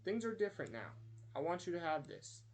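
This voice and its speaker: A man's voice: sits high, sing-song, brisk, a little hiss or hum, voice pushed up. A man voicing a stingy old male cartoon crab boss with a sly, taunting drawl. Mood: tender.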